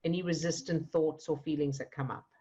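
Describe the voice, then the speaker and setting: Low, husky woman coaching gently. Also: steady tone, a little fast, lo-fi sound. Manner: gentle, reassuring, guiding with questions. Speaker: emotional fitness coach. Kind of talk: one-to-one coaching session.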